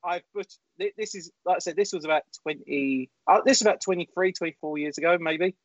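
A man's voice: sits high, fast, dull audio. A man co-hosting a podcast, telling a story in hesitant fits and starts. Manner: hesitant, many fillers and restarts. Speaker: podcast co-host.

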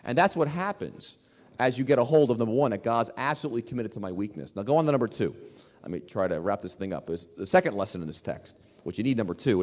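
A male pastor preaching a sermon in an emphatic, animated way, often repeating his words. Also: medium pitch, big-room sound.

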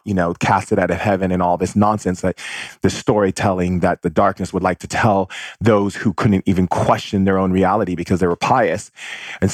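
Lower-pitched man, spiritual speaker, emphatic and repetitive, dry close sound. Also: darkish tone, slightly rough, no echo. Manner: emphatic, repetitive chanting of phrases. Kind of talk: spiritual monologue.

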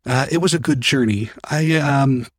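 A man's voice: mid-range voice, normal speed, no room sound, clean studio sound, close to an everyday voice. A man voicing a stammering young otter. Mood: earnest. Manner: stammering, earnest. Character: young adult male otter, awkward and earnest.

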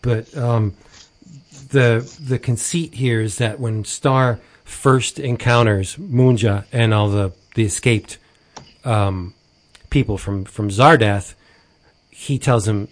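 A man co-hosting a casual comic discussion, enthusiastic and quick to jump in. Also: mid-range voice, steady tone. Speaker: podcast co-host.

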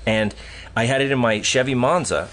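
A man's voice: mid-range voice, moderate pace, fairly bright tone, slight background noise. A middle-aged man, an author from the Boston area, telling his stories in a casual, rambling way and chuckling now and then. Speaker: author and guest. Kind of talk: casual storytelling.

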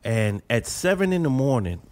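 A man telling stories slowly and with animation, full of street slang. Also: medium pitch, sing-song, darkish tone. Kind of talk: casual chat.

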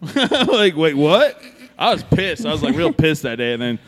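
A man's voice: fairly high pitch, very animated, moderate pace, a bit bright. A man telling a long story in casual chat, cursing freely and acting out both sides of a conversation. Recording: long echoey reverb.

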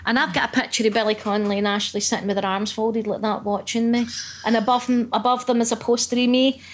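A middle-aged woman with a Scottish accent, a comedian telling lively, profane anecdotes in casual conversation. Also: fairly high pitch, fast. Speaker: comedian guest. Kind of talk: casual chat.

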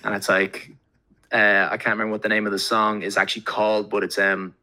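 A man's voice: fairly low pitch, level tone, a little fast, bright, forceful tone. A man speaking as a podcast guest in casual chat, rambling with lots of fillers and casual swearing.

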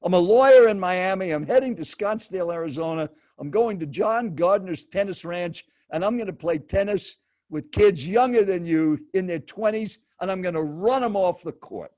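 A blunt, middle-aged health-nut lawyer who scolds and lectures, as an older man in his seventies acts him out. The voice sits high and climbs on the scolding, delivered in a hard, preachy manner in a story told aloud. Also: expressive, normal speed, a little mellow. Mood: boastful. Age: 70s.

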